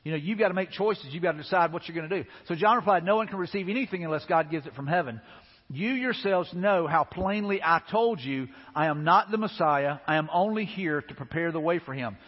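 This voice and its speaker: A man's voice: sits high, quick pace, breathy edge, in a large hall, dull audio. A man preaching a sermon as a pastor, talking to the congregation in a loose, conversational way with repeated asides. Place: church sanctuary.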